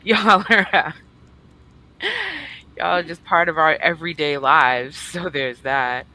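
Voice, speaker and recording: A woman's voice: sits low, slow pace, sharp tone. A woman co-hosting a casual livestream, bubbly and teasing as she greets viewers. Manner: bubbly, teasing, swings between squeals and mutters. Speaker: livestream co-host.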